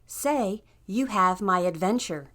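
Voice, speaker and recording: A woman's voice: mid-range voice, animated, slow, a bit bright. A woman narrating a scripted language lesson in an upbeat, encouraging way. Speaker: language teacher.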